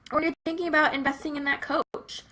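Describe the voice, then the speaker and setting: A woman's voice: high voice, little pitch movement, brisk, bright, forceful tone, poor audio. A young woman giving an earnest, casual talk about faith and business, with many fillers and a conversational manner. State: briefly teary-eyed. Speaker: Christian business coach.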